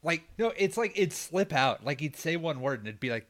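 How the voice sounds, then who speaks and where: A man's voice: mid-range voice, big pitch swings, a little fast, few pauses. A man co-hosting a casual movie podcast, rambling and swearing freely as he recaps the plot. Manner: swearing, laughing, loose rambling. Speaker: podcast co-host.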